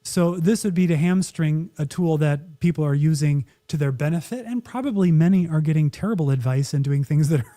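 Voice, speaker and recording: A man's voice: a little high, warm tone. A man co-hosting a podcast, chatting casually with wry opinions and acting out quotes. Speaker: podcast co-host.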